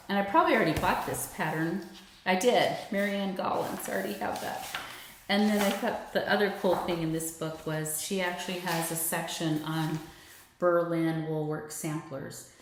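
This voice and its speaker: A woman chatting casually and enthusiastically as she shows her stitching purchases, sometimes dropping to a near whisper. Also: mid-range voice. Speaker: cross-stitch vlogger. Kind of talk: casual show-and-tell chat. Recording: very echoey room with faint noise.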